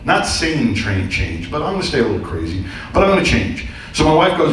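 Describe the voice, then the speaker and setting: A man's voice: mid-range voice, big pitch swings, brisk. Middle-aged man doing stand-up in an echoey theater. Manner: loose, rambling storytelling with crude punchlines. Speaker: stand-up comedian and hypnotist. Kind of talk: stand-up comedy routine. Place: theater stage before a live audience. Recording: very echoey, distant room sound with faint noise.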